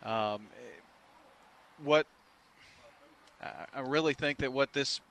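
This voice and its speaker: A man hosting a sports radio talk show from an outdoor restaurant patio, friendly and halting, full of uh and um fillers. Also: mid-range voice, a bit bright, clear, resonant tone. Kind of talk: casual radio interview.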